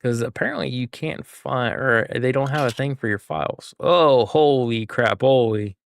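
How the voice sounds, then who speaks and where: A man's voice: mid-range voice, moderate pace, gravelly. A man streaming a game, chatting with viewers and thinking aloud as he works through a puzzle. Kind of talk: casual live gameplay chat.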